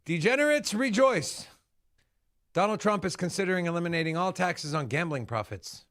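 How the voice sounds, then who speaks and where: A man co-hosting a casual livestream, teasing and joking with a deadpan edge. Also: fairly high pitch, fast. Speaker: co-host.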